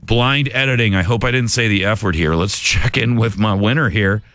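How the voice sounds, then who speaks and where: A man's voice: fairly low pitch, normal speed, a bit bright, faint music behind. A man hosting a radio show, chatting and joking with a caller in a laid-back way. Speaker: radio host. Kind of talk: casual radio chat with a caller.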